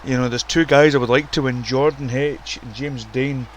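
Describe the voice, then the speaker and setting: A man giving casual, profane, excitable commentary on a wrestling video game and ranting about the roster. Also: mid-range voice, normal speed, slight background noise. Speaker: commentator and show runner.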